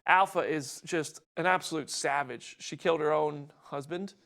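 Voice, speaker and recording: A man hosting a casual recap show, talking fast and excitedly with frequent restarts. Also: on the high side. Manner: fast, excited, talks over co-host with restarts. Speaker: show host.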